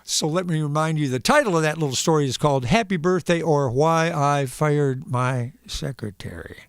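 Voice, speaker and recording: A man's voice: on the high side, animated, moderate pace, smooth, no echo, clean studio sound. A man hosting a live stream who gives a playful comedic reading and makes sound effects for punctuation marks.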